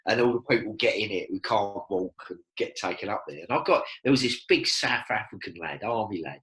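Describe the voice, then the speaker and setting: A man, telling lively stories as a podcast guest and acting out quoted lines. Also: lowish voice, fairly quick, poor audio. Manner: animated storyteller, acts out quotes. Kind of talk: casual storytelling chat.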